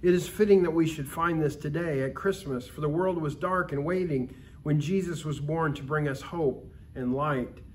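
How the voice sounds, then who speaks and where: A man reading the part of a gentle, wise aunt who speaks softly and reassuringly. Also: a little high, normal speed, slight background noise, close to an everyday voice. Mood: reverent. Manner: soft, tender, reassuring. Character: gentle, wise middle-aged aunt, kindly and patient.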